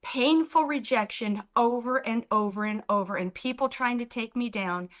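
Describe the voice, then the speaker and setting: A woman telling stories as a guest in an interview, animated and acting out the people in them. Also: fairly high pitch, normal speed. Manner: animated, acts out other people's voices. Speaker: guest, business founder. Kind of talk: storytelling in an interview.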